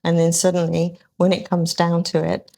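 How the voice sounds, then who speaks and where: A woman with a slightly low voice speaks as a guest on a conversation podcast. She weighs her words, pausing on ums and restarting phrases. Now and then she drops a dry, sarcastic aside. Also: completely flat delivery, vocal fry, dark tone. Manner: thoughtful, hedging with frequent ums and restarts. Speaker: aesthetics practitioner guest.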